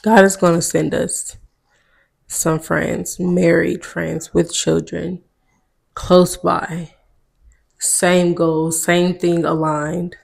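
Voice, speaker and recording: A woman's voice: on the low side, level tone, drawn-out words, creaky, a little mellow. A woman co-hosting a podcast in casual chat, talking emphatically and a little preachy, speeding up when she makes her point. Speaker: podcast co-host.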